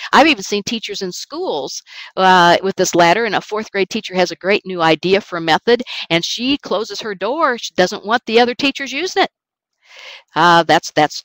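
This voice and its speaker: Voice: mid-range voice, fairly bright tone, no room sound, rough recording. An online course instructor giving a recorded lecture presentation in a conversational way, with informal asides to the class.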